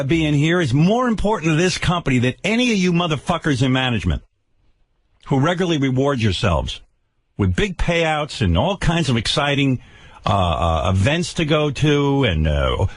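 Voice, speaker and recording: In a radio studio with no echo, an older male host with a somewhat high voice launches into an angry on-air tirade. He's profanely sarcastic and stammers, repeating himself.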